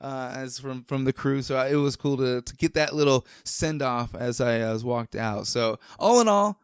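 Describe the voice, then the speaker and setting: A man's voice: mid-range voice, normal speed, hardly any pauses, clean tone, dry recording, clean studio sound. A man hosting a podcast, chatting casually and rambling with enthusiasm, with many fillers and restarts. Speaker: podcast host. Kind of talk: casual chat.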